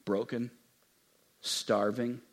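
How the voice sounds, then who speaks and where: A man preaching a sermon as a pastor. He swings from hushed, intimate passages to loud, emphatic ones and acts out quoted lines slowly and with stress. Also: mid-range voice, level tone. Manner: acts out quoted speech with slow, drawn-out emphasis.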